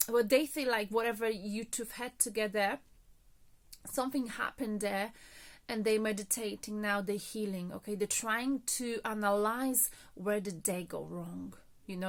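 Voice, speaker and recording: A woman reading tarot cards in a casual, chatty monologue, a little out of breath, often checking in with "okay?" and filler words. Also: mid-range voice. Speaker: tarot reader.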